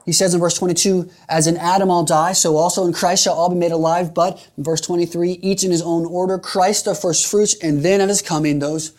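A man's voice: sits high, steady tone, brisk, hardly any pauses, a little mellow. A man preaching a sermon in an earnest, emphatic way, repeating phrases for rhetorical weight.

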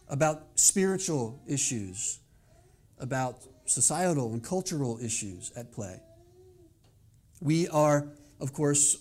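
A male pastor delivering a sermon, opening with a quiet prayer and then speaking in an earnest, measured way. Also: on the high side. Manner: earnest, measured preaching with soft prayerful passages.

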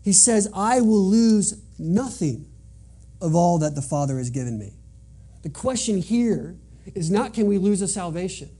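Guy preaching a sermon, kinda husky and mellow, earnest, repeats stuff for emphasis. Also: sits high, lively intonation, measured pace. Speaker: pastor.

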